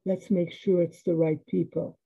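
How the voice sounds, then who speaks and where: A woman voicing a stern, calm father as he guides his family, giving quiet, patient instructions. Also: fairly low pitch, a little slow, vocal fry. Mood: hushed. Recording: tinny phone-like sound.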